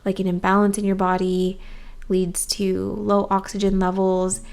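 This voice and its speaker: A young adult woman speaks at a moderate pace in a monotone, creaky, slightly mellow mid-range voice. She's chatting to camera for her YouTube viewers, candid and casual, with plenty of "um"s and "like"s.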